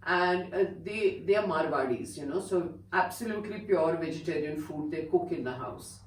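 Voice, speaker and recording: An older woman with an Indian English accent, gently telling a personal story in a chatty way, with many "you know"s. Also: on the low side, expressive, normal speed, few pauses, reverberant, distant mic, rough recording. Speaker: spiritual teacher telling her own story. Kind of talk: casual storytelling to viewers.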